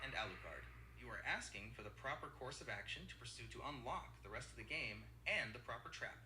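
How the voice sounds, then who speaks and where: A text-to-speech male assistant voice with a very bright, sharp tone and a lively rise and fall. It speaks formally and apologetically. The voice carries a roomy echo with a faint hum behind it. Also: medium pitch.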